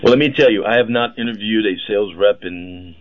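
A man's voice: fairly low pitch, fairly quick. A man, a car dealership owner as radio guest, talking in a rambling, hesitant way with lots of laughs. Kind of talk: bantering radio talk. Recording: dull radio broadcast sound.

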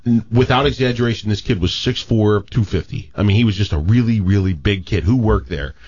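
Brief: low-pitched man, animated storyteller, dull lo-fi recording. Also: a little fast, slightly rough. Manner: animated storyteller with many restarts. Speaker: co-host telling a story. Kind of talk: casual chat, storytelling.

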